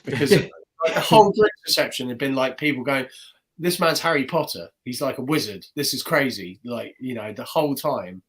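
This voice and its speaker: A man's voice: mid-range voice, brisk. A man, a guest magician telling a story in casual podcast chat, acting out the voices of the people in it. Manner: animated, acts out the voices of people in his stories.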